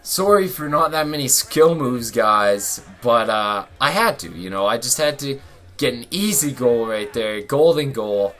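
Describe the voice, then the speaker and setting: Bright-voiced young man commentating gameplay. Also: medium pitch, a little slow, soft background music. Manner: excitable, yells and laughs at close plays. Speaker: gaming channel host.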